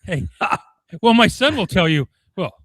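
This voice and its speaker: A man's voice: high voice, big pitch swings, unhurried, a bit bright, no echo. A middle-aged man co-hosting a podcast in casual political chat, telling stories and laughing at his own jokes. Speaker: podcast co-host.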